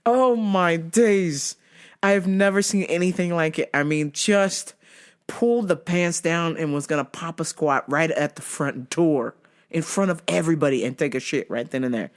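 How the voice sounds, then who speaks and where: A woman's voice: low voice, moderate pace. A woman host telling work stories casually, profane and often laughing. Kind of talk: casual comedic storytelling.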